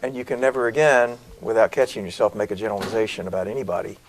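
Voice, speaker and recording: A middle-aged man from South Carolina, an actor telling stories as a guest in an interview, with lively, varied delivery. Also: on the low side, racing, slight background noise, poor audio. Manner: animated storyteller, varied delivery. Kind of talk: interview conversation.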